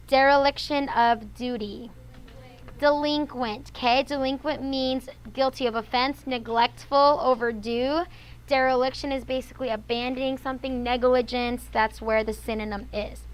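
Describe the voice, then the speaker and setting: A woman's voice: sits high, a bit bright, poor audio. A woman teacher running a classroom lesson on vocabulary and spelling rules. She explains patiently and checks in with "okay?" after nearly every point.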